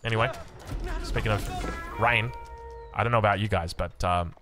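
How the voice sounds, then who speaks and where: A man's voice: on the low side, normal speed, over music. A young man with an Australian accent, casting a strategy game with jokey, rambling asides. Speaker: game caster. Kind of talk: game commentary with chatty asides.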